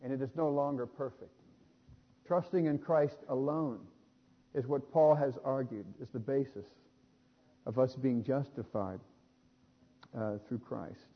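A man preaching a sermon, building to louder emphatic points and adding small jokes. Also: medium pitch, measured pace, long pauses, breathy edge. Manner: emphatic, rising loud on key points, with jokes. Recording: dull sound with long hall reverb.

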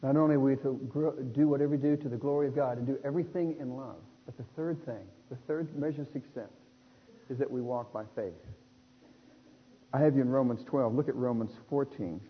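A man preaching a sermon in an animated way, acting out the people in the text. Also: medium pitch, fairly quick, slightly rough. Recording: dull lo-fi sound in a reverberant hall.

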